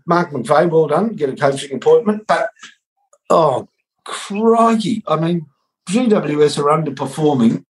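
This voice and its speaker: A man's voice: fairly high pitch, moderate pace. A middle-aged Australian man co-hosting a casual comedic sports chat, telling rambling wry stories. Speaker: co-host.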